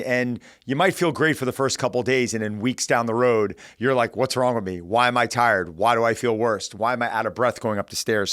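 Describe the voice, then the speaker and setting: A man's voice: medium pitch, a bit bright, no echo, studio quality. A man in his forties hosting a podcast, talking in an upbeat, chatty way with loose fillers and restarts. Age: 40s. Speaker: podcast host. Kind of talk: casual podcast intro and conversation.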